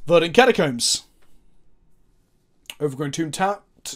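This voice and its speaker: A man's voice: high-pitched, animated, normal speed. A man commenting on his own card game as he plays, thinking aloud, asking the viewers questions and swearing now and then. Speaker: host, gameplay commentator.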